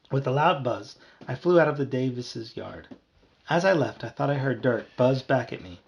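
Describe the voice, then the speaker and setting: A man reads a children's chapter book aloud with lively ups and downs in his pitch. His voice has a gravelly edge, and the recording sounds a little dull and muffled. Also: moderate pace. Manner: lively, voices characters with higher shouts. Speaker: audiobook reader.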